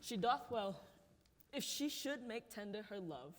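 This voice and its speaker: A performer playing a noble prince who declaims his lines in a stage play, sometimes rising to a shout. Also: medium pitch, big pitch swings, measured pace. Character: noble prince scheming with friends. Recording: reverberant hall, faint noise.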